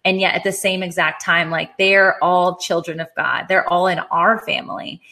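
A woman hosts a podcast interview, answering her guest in an affirming, reflective way. Her voice sits somewhat low for a woman. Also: fairly even intonation, moderate pace, pushed and bright. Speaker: podcast host. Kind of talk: interview conversation.

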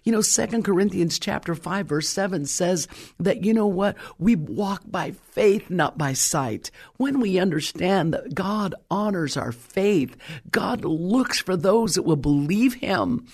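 A middle-aged woman preacher telling a story in a sermon, stressing key words slowly. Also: on the low side, expressive, darkish tone.

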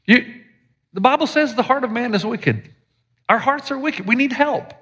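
A man preaching a sermon as pastor, animated and joking, with sudden shouted lines. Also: very high voice, moderate pace, slightly rough. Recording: live sermon with long hall reverb.

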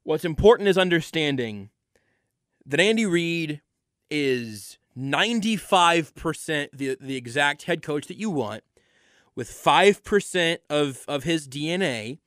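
A man's voice: a little high, fairly bright tone, dry recording. Opinionated man, dry close sound. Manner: opinionated, repeats words for emphasis. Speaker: sports podcast host. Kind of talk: solo football analysis monologue.

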